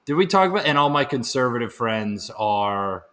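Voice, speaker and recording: Rambling, crude comedian on a podcast. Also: male voice, medium pitch, big pitch swings, normal speed, sharp tone. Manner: rambling, crude, acts out voices of friends. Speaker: podcast co-host. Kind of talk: casual comedic chat.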